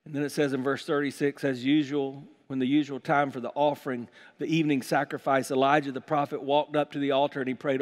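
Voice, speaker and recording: A man preaching a sermon as pastor, animated and acting out scripture passages with playful voices. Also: medium pitch, fast, few pauses, in a large hall. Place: church sanctuary.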